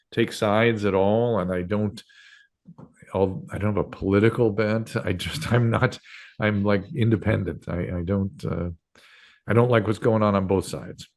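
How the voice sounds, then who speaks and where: A man's voice: fairly low pitch, steady tone, moderate pace. An older man in his sixties, a doctor and radio host, telling stories as an interview guest in a rambling way, with many fillers and restarts. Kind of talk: casual interview storytelling.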